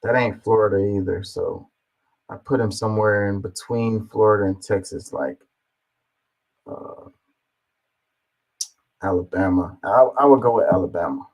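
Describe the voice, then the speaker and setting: A man with a fairly low voice reacts to a clip in casual commentary. He muses aloud, trailing off and circling back with many fillers. He reads comments out in the same relaxed tone. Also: measured pace, long pauses, low-quality recording. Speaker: reaction video host.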